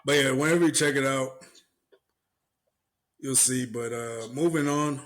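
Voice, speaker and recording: This young man's medium-pitched voice moves a little slowly as he co-hosts a podcast. In casual chat he retells an online argument, impersonating the participants, cursing and laughing in slang.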